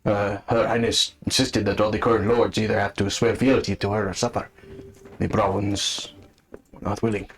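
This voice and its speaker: A man's voice: fairly low pitch, moderate pace. Laid-back man running a tabletop game. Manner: relaxed, joking, full of fillers. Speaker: game master.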